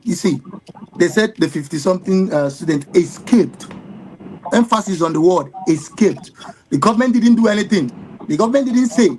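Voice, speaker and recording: A Nigerian man speaks as a guest commentator in a high, raised register. He argues with emphatic indignation, piling up rhetorical questions and stumbling through repeated fillers. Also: animated, brisk, darkish tone, slight background noise, low-quality recording. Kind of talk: live TV discussion.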